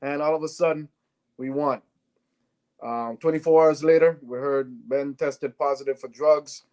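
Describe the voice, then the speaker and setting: A man's voice: a little high, moderate pace. A man from Canada, a guest on an interview show, telling stories and acting out the dialogue. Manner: animated, acts out dialogue in his stories. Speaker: guest, former sprinter turned businessman. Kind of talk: interview storytelling.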